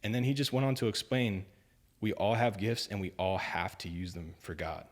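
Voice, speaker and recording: A young man telling a story on a podcast in casual chat, animated, acting out other people's lines. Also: lowish voice, moderate pace. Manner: animated storyteller, acts out quoted voices, lots of "like" and "man". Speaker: podcast guest.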